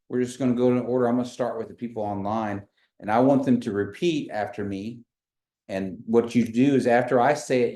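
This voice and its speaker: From his office, a man leads a beginner language lesson by video call and stays patient, repeating phrases slowly. He has a mid-range voice with a warm tone.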